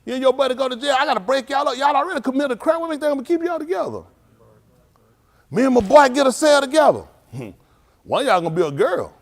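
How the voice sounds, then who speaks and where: A middle-aged male pastor, preaching informally and telling lively street stories in which he acts out the voices. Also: very high-pitched, fast talker. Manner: animated storytelling, acts out voices, laughs.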